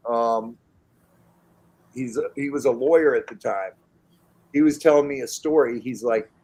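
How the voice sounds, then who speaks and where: A man in casual chat telling long animated stories, acting out the voices of the people in them and laughing often. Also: mid-range voice, unhurried, long pauses, breathy edge. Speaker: podcast guest telling stories.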